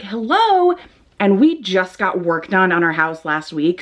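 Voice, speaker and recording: A young woman who is still shaken talks to her camera at night in a dim living room. She rambles breathlessly and swears often, filling her story with "like". Her voice sits at a middle pitch and is picked up by a plain phone or webcam mic. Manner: rambling, breathless and profane, lots of "like". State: shaken and jittery. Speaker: vlogger.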